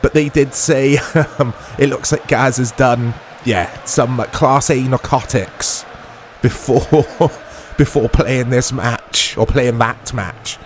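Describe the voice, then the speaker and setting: Dude commenting on his game, laughs a lot, gets hyped on goals, medium-pitched voice. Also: slow pace, slight background noise. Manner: chatty, jokey, laughs often; bursts into excited play-by-play. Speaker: gaming channel host. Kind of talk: let's play commentary.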